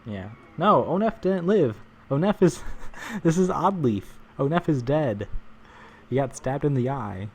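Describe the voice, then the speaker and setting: A man's voice: fairly high pitch, lively intonation, measured pace, a little mellow, a little hiss or hum. A man live-streaming a game, chatting casually with viewers, joking and rambling with frequent chuckles.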